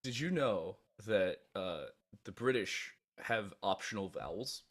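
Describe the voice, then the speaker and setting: A man casting esports, giving measured match analysis and dropping dry jokes. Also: fairly low pitch, expressive. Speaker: esports caster. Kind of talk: esports commentary and banter.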